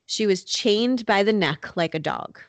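A woman with a mid-range voice speaks a little slowly in a dry recording, hosting a podcast from North Carolina. She tells a true crime story conversationally, sprinkling in lots of "like" and "you know."

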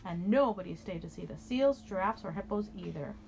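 A woman reading a picture book aloud to a child, her voice rising and falling expressively. Her pitch sits in an ordinary middle range. A faint hum of home sounds stays behind her. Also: lively intonation, fairly quick, vocal fry.

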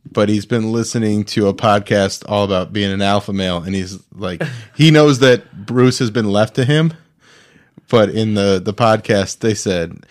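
A man hosting a casual comedy podcast, pushy and teasing, swearing freely and laughing often. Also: on the low side. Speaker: podcast host.

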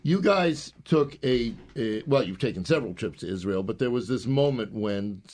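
A man's voice: mid-range voice, animated, normal speed, darkish tone. A man co-hosting a food talk show, joking and teasing his guests. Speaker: co-host.

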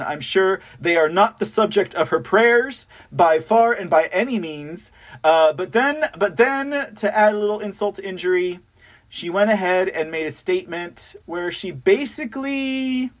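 Mocking high-voiced male commentator. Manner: scornful, mocking, repeats words. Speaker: host of political commentary show. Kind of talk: opinionated commentary.

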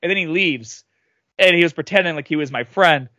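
A man in his late thirties tells a story on a podcast, his voice sitting a little high for a man. He is animated and loudly acts out the voices he quotes. The sound is dry and close to the mic. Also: a little fast, dry recording. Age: 30s. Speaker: podcast guest. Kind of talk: casual storytelling.

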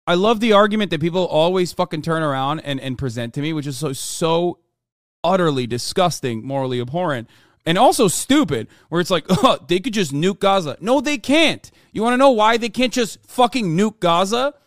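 A man with a high, bright-sitting voice rants over news footage on a live stream, profane and mocking. He swings from low muttering to sharp outbursts. The sound is close and dry, with no room around it. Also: lively intonation, moderate pace, dry recording. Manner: profane, sarcastic, erupts into loud outbursts. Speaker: political commentary streamer. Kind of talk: reacting to news clips.

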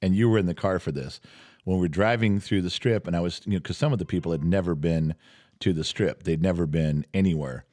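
A middle-aged man hosting a podcast, telling a story in casual chat with animated, exasperated delivery. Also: sits low, brisk. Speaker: podcast host. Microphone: studio podcast mic.

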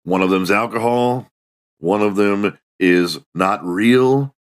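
A man's voice: on the low side, slow. A middle-aged man hosting a solo comedy podcast, sarcastic and mocking, acting out little scenes. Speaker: podcast host.

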